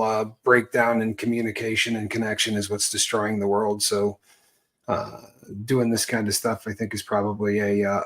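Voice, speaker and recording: A man co-hosting a livestream who speaks earnestly and haltingly, with many pauses and filler sounds. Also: on the low side. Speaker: co-host. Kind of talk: livestream chat.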